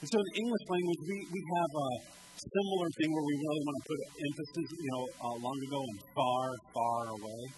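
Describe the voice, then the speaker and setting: A man's voice: fairly high pitch, fast talker, a little mellow, slight background noise, rough recording. A man preaching a sermon as pastor, emphatic and conversational, with light asides and restarts. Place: small-town church sanctuary.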